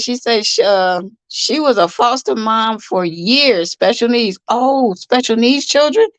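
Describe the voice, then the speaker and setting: A woman's voice: mid-range voice, no echo, low-quality recording. A middle-aged woman, hosting a casual livestream from her bed, tired, chatty, repeating herself and greeting viewers by name. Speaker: livestream host. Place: in bed at home.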